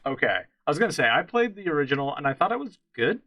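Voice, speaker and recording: A man's voice: a little high, big pitch swings, quick pace, no echo, dull audio. A man co-hosting a casual podcast, chatting about games with strong opinions and frequent restarts. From central Pennsylvania. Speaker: podcast co-host.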